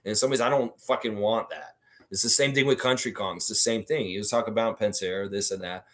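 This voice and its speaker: A man's voice: on the low side, steady tone, fast, a bit bright. Blunt man hosting a livestream chat. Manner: blunt, swears freely; talks about himself in the third person. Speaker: sports livestream host. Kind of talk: casual livestream chat reading viewer comments.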